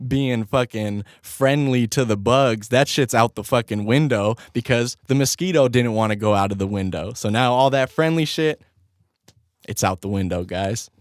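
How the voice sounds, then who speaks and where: At a moderate pace and medium pitch, a podcast host narrates a story from his home studio, animated and casual, swearing nonstop and laughing along. The recording is dry.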